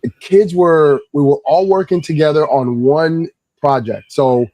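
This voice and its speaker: Man, storyteller, animated, calm to rising, warm low tone, close dry sound. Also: unhurried, no echo, poor audio. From Irvington, New Jersey. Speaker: guest, kids' Lego class instructor. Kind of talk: casual anecdote storytelling.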